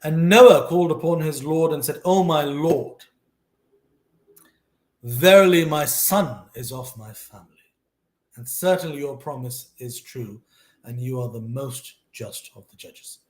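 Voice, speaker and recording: A man reading scripture aloud and commenting on it in an earnest, animated way, talking straight to the listener. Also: mid-range voice, moderate pace, roomy sound. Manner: earnest, animated, talks to the listener directly, repeats himself.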